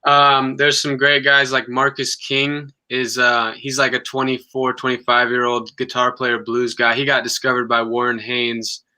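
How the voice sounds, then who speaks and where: A man in his twenties chatting as a guest musician, halting with lots of ums and restarts. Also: mid-range voice, completely flat delivery, bright, forceful tone. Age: 20s. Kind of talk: casual interview chat.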